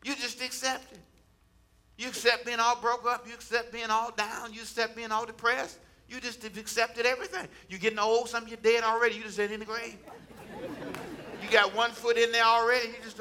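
A male pastor preaches a folksy, colloquial sermon, repeating phrases for emphasis and calling on the congregation to answer back. His voice is very high-pitched, pushed and bright, with a flat delivery at a fairly quick pace and slight background noise.

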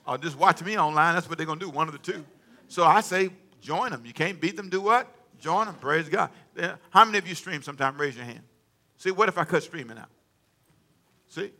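A male pastor preaching a sermon in church, leading the congregation in call-and-response and swinging between loud and quiet delivery. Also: fairly high pitch, a little fast.

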